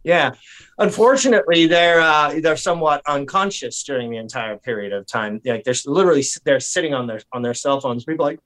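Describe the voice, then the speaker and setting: A man on a podcast, rambling and animated, swearing and mimicking people as he tells stories. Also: a little high, quick pace. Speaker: podcast guest. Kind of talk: casual chat. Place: lives in San Diego.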